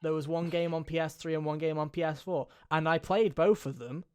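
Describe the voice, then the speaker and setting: A man's voice: on the high side, fairly even intonation, brisk, darkish tone, clear, resonant tone. A man co-hosting a gaming podcast in casual chat, rambling and jokey, with a lot of swearing. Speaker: podcast co-host.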